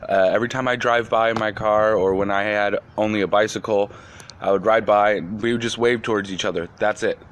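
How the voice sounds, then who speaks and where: Lower-voiced man, matter-of-fact. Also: steady tone, brisk, slight background noise. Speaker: storyteller. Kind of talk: casual storytime.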